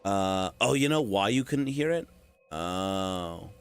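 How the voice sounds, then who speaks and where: A deep-voiced man speaks slowly and smoothly with lively intonation while streaming a video game. He chats casually with viewers, joking, swearing often, and rambling in the way of relaxed gaming commentary.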